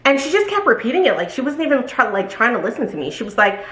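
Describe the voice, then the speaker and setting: Woman doing a storytime, animated, jumps into squeaky voices for quotes, echoey room. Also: quick pace. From Brooklyn, New York. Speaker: vlogger telling a storytime. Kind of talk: casual storytime chat.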